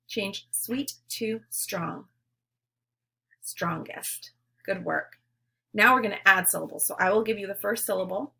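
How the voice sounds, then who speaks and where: A woman teacher leading young children through a phonics lesson, giving words slowly and clearly for them to repeat. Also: mid-range voice, a bit bright. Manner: slow, clear, leading call-and-response drills.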